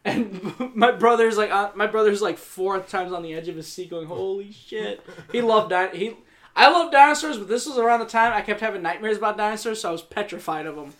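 A woman co-hosting a casual podcast chat, telling animated stories and swearing freely. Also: medium pitch, a little fast. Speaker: podcast co-host.

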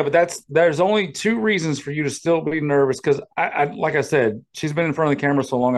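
A man's voice: mid-range voice, darkish tone. A man co-hosting a casual podcast, rambling and sarcastic, swearing often, on a podcast microphone. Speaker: podcast co-host. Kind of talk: casual profane podcast chat.

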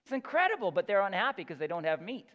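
Talking fast with big pitch swings, a pastor whose voice sits high and a bit bright preaches earnestly and emphatically. He often repeats words as he builds toward his point, and the recording is dull and lo-fi in an echoey hall.

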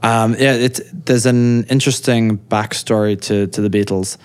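Man, Irish accent, low pitch, halting delivery, dry humor, casual podcast co-host. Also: fairly even intonation, clear, resonant tone. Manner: halting, repeats words while thinking, dry teasing humor.

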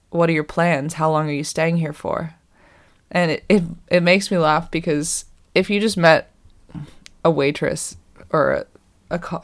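A person in their twenties with an American accent, chatting casually and rambling about life abroad. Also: medium pitch. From United States. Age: 20s.

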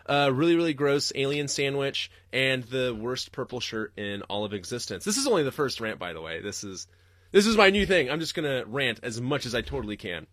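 A man hosting a podcast, ranting in a profane, rambling way and jumping suddenly into loud, high-pitched outbursts. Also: big pitch swings, a little fast, dry recording, clean studio sound. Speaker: podcast host. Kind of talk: livestreamed comedic rant.

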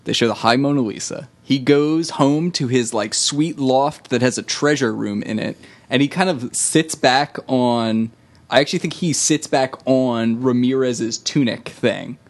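A man's voice: mid-range voice, unhurried. A man co-hosting a podcast, making wry, sarcastic asides in casual film discussion. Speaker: podcast co-host.

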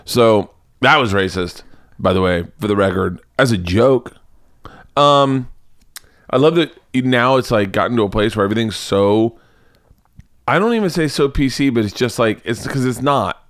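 A man's voice: mid-range voice, moderate pace, no echo. A man from the American South hosting a podcast, rambling and swearing in casual comedic chat. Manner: profane, rambling, animated. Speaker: podcast host.

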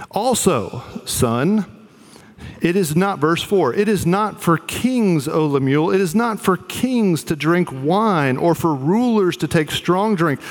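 A man preaches in an easy, conversational way, dropping in jokes and lots of "like" as he talks to the room. His voice sits a little high for a man. The sound rings with the long reverb of a church hall. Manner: conversational, joking asides, lots of "like". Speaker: pastor. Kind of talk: casual sermon.

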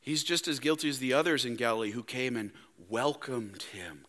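A young man, a pastor preaching a sermon in a church, talking emphatically and swinging between loud stresses and hushed asides. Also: medium pitch, normal speed, few pauses, long reverb tail. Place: church sanctuary.

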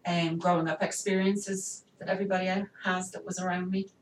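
A woman's voice: lowish voice, flat delivery, fairly quick, a little hiss or hum. A woman with an English accent, a military spouse, talking reflectively in a casual podcast conversation. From England. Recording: roomy, distant mic, faint ambience.

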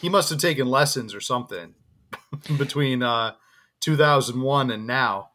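A man's voice: mid-range voice, a little slow, pushed and bright. A man co-hosting a podcast, talking in a loose, rambling way with frequent laughs and restarts. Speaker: podcast co-host. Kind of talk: casual podcast chat.

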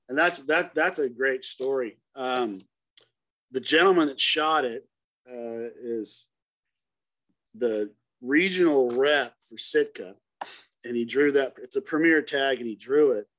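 A middle-aged man, a hunting guide, telling a story in a casual interview and acting out the dialogue with lively turns of voice. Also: medium pitch. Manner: animated, acts out dialogue in the story.

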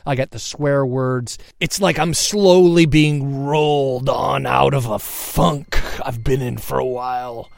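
Gravelly, punchy man hosting a podcast. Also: medium pitch, fairly even intonation, takes it slowly, hardly any pauses, no echo. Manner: punchy, swearing, rambling with laughs. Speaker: podcast host. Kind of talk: casual podcast chat.

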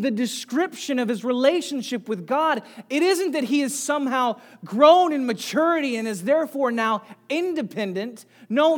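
High-voiced animated preaching man. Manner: animated storytelling, swinging from soft to loud. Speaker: pastor. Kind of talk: sermon.

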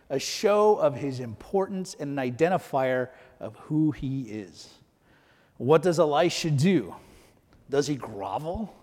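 A man's voice: a little high, darkish tone, in a large hall. A man preaching a sermon as pastor, talking conversationally and asking rhetorical questions.

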